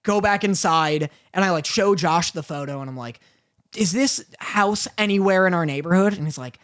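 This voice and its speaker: Very high-voiced man telling a story. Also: moderate pace, clean tone. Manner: animated, acts out others' voices, laughs often. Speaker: podcast co-host. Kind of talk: casual storytelling.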